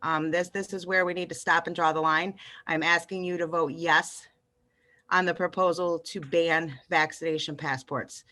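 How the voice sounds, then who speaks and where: A woman's voice: low voice, fairly even intonation, normal speed, pushed and bright. A woman calling in to a public meeting, out of breath, urging a vote in an urgent, persuasive way. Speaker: caller. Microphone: call-in line.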